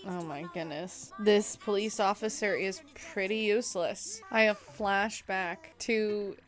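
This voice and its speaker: A young woman talks casually through an episode in a chatty, amused way, answering the screen as it plays. Her voice sits at an ordinary middle pitch. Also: measured pace, soft background music. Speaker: reaction vlogger. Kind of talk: casual reaction commentary.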